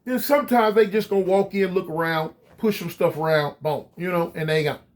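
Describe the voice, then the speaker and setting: A man casually telling a story straight to his viewers, animated and full of slang. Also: high-pitched, a little fast. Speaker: storyteller recounting prison life.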